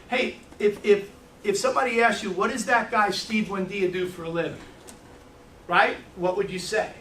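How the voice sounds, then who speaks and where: A man leads a sales training in a meeting room, throwing questions at his audience and telling brash, joking stories. His voice sits high and bright. He is picked up from far off, in a room with plenty of echo. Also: slight background noise. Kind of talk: live training talk. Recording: echoey room, mic from far off.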